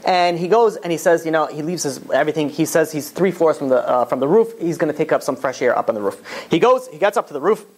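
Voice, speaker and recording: A rabbi giving a Torah class, telling stories in an animated, casual way full of fillers. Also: male voice, on the high side, quick pace, few pauses. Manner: animated storytelling, casual filler-heavy talk. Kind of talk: Torah class lecture with storytelling.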